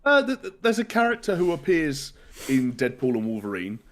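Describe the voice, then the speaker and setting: A man's voice: fairly high pitch, sing-song, brisk. Rambling British man hosting a podcast. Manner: rambling, lots of restarts. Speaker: podcast host. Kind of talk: casual podcast chat.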